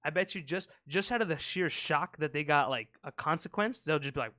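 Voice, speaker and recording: A man's voice: on the high side, brisk, sharp tone, no room sound, studio quality. Rambling, profane man with a raised voice. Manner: profane, rambling, acts out sound effects and voices. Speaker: podcast co-host. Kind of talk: casual podcast banter. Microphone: close podcast mic.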